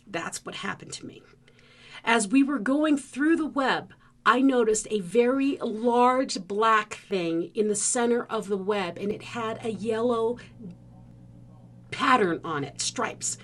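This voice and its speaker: A woman from the Philippines, a podcast host, telling a personal story in an animated way and acting out the scenes. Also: on the high side, takes it slowly. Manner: vivid storyteller who acts out the scenes.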